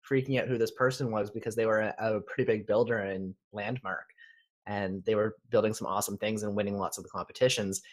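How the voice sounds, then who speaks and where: Easygoing male podcast co-host. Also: fairly low pitch. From Canada. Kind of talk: casual chat.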